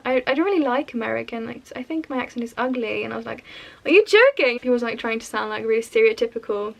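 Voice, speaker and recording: A young Swedish woman, a native speaker, narrates a storytelling vlog in a chatty, gushing way, quoting other people in quick bursts. Her voice sits a little high with fairly even intonation and some creak, and the recording sounds muffled.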